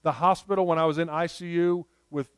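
Earnest preacher man with a smooth voice. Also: on the high side, fairly even intonation, a little fast, no echo. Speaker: pastor. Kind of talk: sermon.

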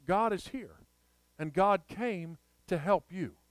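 A man's voice: high-pitched, slow pace, no echo. A man preaching a sermon, telling a personal story and rising to emphatic appeals.

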